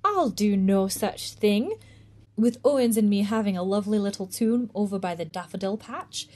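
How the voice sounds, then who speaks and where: A woman voicing a homely, motherly ghost woman from the countryside with a warm country voice, sounding dubious in a storybook reading. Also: medium pitch, normal speed, lightly acted.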